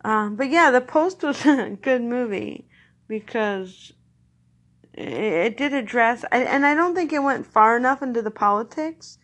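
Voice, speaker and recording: A woman's voice: fairly high pitch, expressive, measured pace, fairly bright tone. A woman chatting casually about films in a rambling, nostalgic way. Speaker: vlogger reviewing films. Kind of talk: casual chat.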